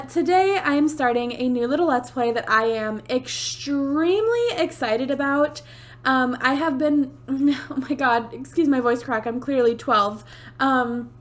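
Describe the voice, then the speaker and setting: A young woman casually chatting as a Sims gaming YouTuber at home, bubbly, giggly and self-deprecating. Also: sits high. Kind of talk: casual let's play chat. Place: home, fireworks outside. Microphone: USB desk mic.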